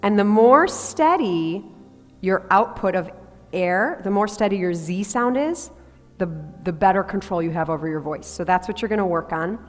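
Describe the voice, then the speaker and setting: A woman's voice: medium pitch, animated, normal speed. Voice coach woman in a big echoey hall. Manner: demonstrates breathing sounds, asks the group to try. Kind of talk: workshop teaching to a group. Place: large hall with a live group.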